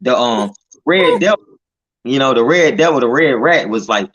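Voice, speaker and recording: A man's voice: medium pitch, lively intonation, moderate pace, a bit bright, highs cut off. A man telling testimonies in casual slang, tagging his lines with "man" and "you know", with some profanity. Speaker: street preacher in group discussion.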